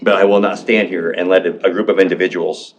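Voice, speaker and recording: A man's voice: sits low, steady tone, fast, slightly rough. A man speaking in public comment at a county board meeting, emotional and defensive, often repeating himself and restarting. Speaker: public commenter, veteran and business owner.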